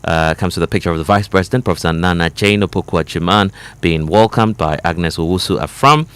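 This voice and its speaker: Deep-voiced man reading headlines. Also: a little fast, a bit bright, smooth. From Ghana. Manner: reading headlines with hesitant fillers. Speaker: radio co-host. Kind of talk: radio newspaper review. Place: radio studio.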